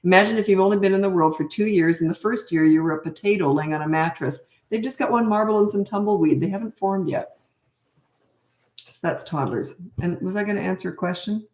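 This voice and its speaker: A woman's voice: mid-range voice, brisk, darkish tone. An older Canadian-raised woman hosts a casual live parenting Q&A, talking bluntly and chattily with frequent laughs. Her voice sits in a middle range. The sound carries a roomy echo. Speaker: parenting coach.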